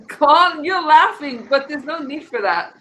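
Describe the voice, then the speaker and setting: Woman stream host, bright-toned, rambling casual chat. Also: high voice, lively intonation, a little slow, slight background noise, poor audio. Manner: chatty, rambling, frequent restarts. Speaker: host of a political commentary stream.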